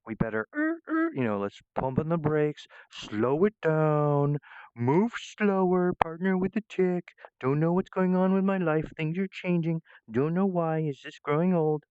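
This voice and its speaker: A man's voice: lively intonation, a little slow, darkish tone, smooth, dry recording, lo-fi sound. A man putting on a whiny, fretful, falsely modest man. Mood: mocking. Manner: mocking, high whining impression.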